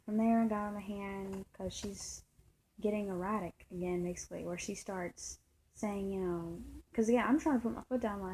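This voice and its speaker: A woman's voice: mid-range voice, steady tone, moderate pace, warm tone, a little hiss or hum, poor audio. A woman vlogging a long, rambling personal story in a frustrated tone, full of fillers and restarts. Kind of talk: casual storytelling monologue.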